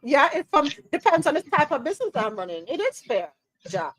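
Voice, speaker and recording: A Jamaican woman hosting a live talk show, her voice pitched a little high. She speaks emphatically and with strong opinions, dropping into patois at times. Her voice sits close and dry, with no room echo. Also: big pitch swings, fairly quick. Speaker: podcast host. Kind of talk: live news-talk podcast commentary.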